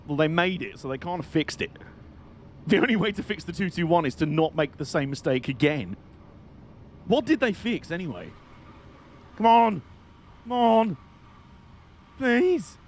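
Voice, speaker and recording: A man giving excitable, jokey, mock-outraged live commentary while streaming a game. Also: fairly high pitch, a little fast, a little hiss or hum.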